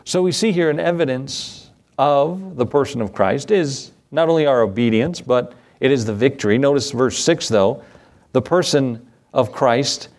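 A male pastor delivers a sermon in an easygoing, conversational way. His voice sits at an ordinary middle pitch for a man, and he keeps checking in with listeners through short rhetorical questions. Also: darkish tone.

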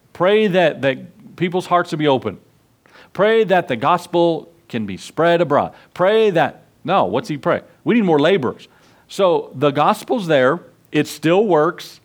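Pastor guy preaching, folksy and earnest, kinda high voice, keeps asking the crowd questions. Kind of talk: sermon.

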